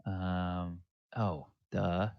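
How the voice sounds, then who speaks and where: Slow, halting low-voiced man. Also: little pitch movement, gravelly, no echo. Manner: halting, full of ums and restarts. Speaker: dungeon master. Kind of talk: narrating a tabletop game. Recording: dull lo-fi dry sound.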